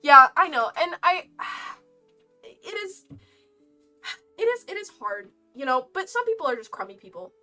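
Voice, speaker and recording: Bright high-voiced young woman telling a story. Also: a little slow, pauses often. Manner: animated, laughing, dramatic voice swings when retelling. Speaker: streamer. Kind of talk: casual storytime while crocheting. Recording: faint lo-fi music behind, slightly distant mic. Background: lo-fi game music.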